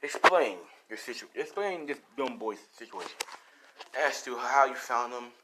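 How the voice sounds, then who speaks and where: A man voicing a stern old male leader of a secret group, speaking gravely and formally. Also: mid-range voice, expressive, moderate pace, heavy background noise, natural voice.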